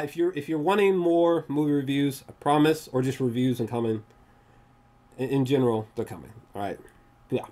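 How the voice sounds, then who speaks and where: Movie reviewer for a casual vlog. Animated and rambly, swears freely, pitch swings widely. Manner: animated and excitable, swears often; rambling, with frequent restarts and fillers.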